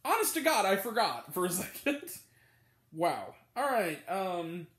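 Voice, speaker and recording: A man giving a casual movie review, talking in an animated, sarcastic way and often breaking into laughter. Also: sits high, a little slow. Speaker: film reviewer. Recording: roomy echo.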